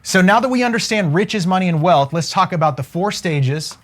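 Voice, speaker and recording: A man coaching on wealth during a live stream, energetic and casual, joking and preacher-like as he keeps asking viewers to comment. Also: high-pitched, normal speed, background noise.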